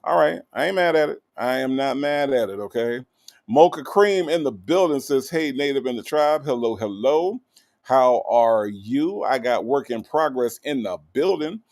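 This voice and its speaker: A man hosting a casual livestream, reading out viewer comments and greeting them one by one in a teasing, animated way. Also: mid-range voice, moderate pace. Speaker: livestream host.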